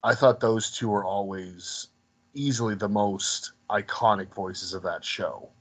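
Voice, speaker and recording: A man's voice: on the low side, unhurried, fairly bright tone, poor audio. A man co-hosting a casual podcast, talking in a hesitant way with frequent restarts. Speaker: podcast co-host.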